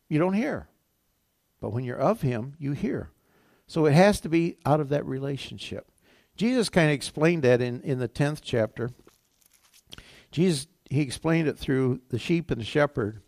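A man preaching as a pastor, reading scripture aloud and repeating phrases for emphasis, rising higher on key points and dropping low and quiet when reflective. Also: lively intonation, unhurried, vocal fry, pauses often, dry recording, studio quality. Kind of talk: sermon.

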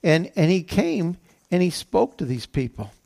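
A man's voice: high voice, sing-song, unhurried, vocal fry, warm tone. A man preaching as pastor, reading scripture aloud and then explaining it plainly, often repeating phrases and saying "you know". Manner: laughs at his own slips. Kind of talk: sermon.

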